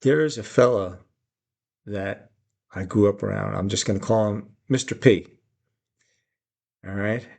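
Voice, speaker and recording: A man's voice: lowish voice, unhurried, creaky, pauses often, a little mellow. A middle-aged man giving life advice in a reflective, storytelling way, laughing often and acting out quotes. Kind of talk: reflective personal talk.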